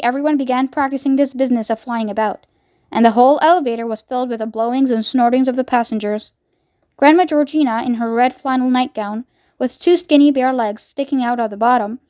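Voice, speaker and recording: A woman reads a children's book aloud in a high, expressive voice. The sound is dry and close, with no room echo. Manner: lively, expressive. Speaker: reader.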